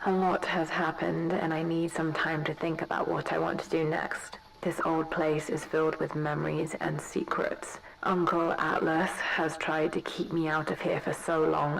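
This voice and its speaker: A calm adventurer. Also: female voice, deep voice, creaky, a little hiss or hum, rough recording. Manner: calm, thoughtful musing. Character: young adult female adventurer, calm and reflective.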